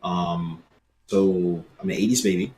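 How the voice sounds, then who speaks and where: A man in his late thirties from Brooklyn with a New York accent, chatting casually on a podcast and telling animated street stories. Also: sits low, measured pace, slight background noise. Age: late 30s. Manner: storytelling, animated, swears casually. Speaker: podcast co-host.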